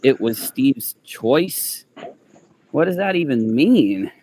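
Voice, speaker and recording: A man's voice: mid-range voice, sing-song, slow, mellow, a little hiss or hum, low-quality recording. A man with an Ohio River Valley accent ranting in a clip, blunt, profane and threatening. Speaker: YouTuber in a played clip.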